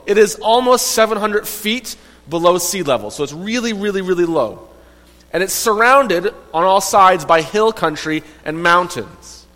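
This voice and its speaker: A man with a high, light voice tells a Bible story to children, lively and conversational, often turning to ask his listeners questions. A long reverb trails his voice through a big room. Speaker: Bible teacher.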